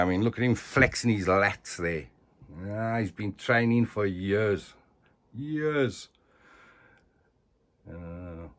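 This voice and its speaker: A man in a casual collector's vlog talks at an unhurried, slow pace with a middling pitch. He rambles in a chatty way and keeps tagging his sentences with "eh?". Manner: rambling and chatty, with tag questions like "eh?". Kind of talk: casual show-and-tell vlog.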